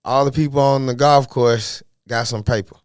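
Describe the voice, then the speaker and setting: A man talking as a podcast guest in a casual interview, animated and full of streetwise slang. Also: medium pitch, normal speed, smooth, no echo, clean studio sound. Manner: animated, streetwise slang, asks "you know what I mean". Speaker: podcast guest, golf caddie.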